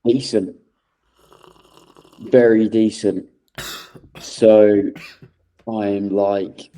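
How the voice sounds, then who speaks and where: A man's voice: fairly low pitch, steady tone, takes it slowly, pauses often, dark tone, poor audio. A young man co-hosting a podcast, talking in a laid-back, blunt way and swearing freely. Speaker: podcast co-host. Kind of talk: casual chat.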